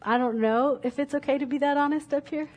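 A woman's voice: sits high, steady tone, fast, darkish tone. Candid woman preaching a sermon. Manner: candid, reflective, reads scripture aloud then confides. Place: church stage.

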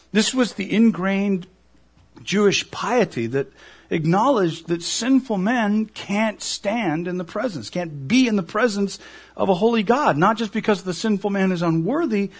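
Animated, husky-voiced male preacher. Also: high-pitched. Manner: animated, acts out quoted voices, repeats himself. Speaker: pastor. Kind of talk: sermon.

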